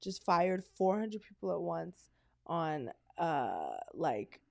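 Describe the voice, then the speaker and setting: With a low, slow voice touched by vocal fry, a woman from Canada tells animated stories as co-host of a casual podcast, performing the quoted lines herself. There's no echo on the recording.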